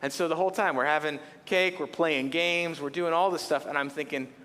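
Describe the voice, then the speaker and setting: Man, middle-aged pastor, fairly high voice, lively storytelling, long church reverb. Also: fairly quick. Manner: animated storytelling with humor. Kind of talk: sermon. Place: church auditorium.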